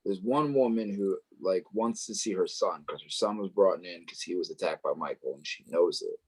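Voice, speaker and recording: A man's voice: deep voice, normal speed, husky. Man, podcast co-host, laid-back joking chat, casual swearing. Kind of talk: casual movie review chat.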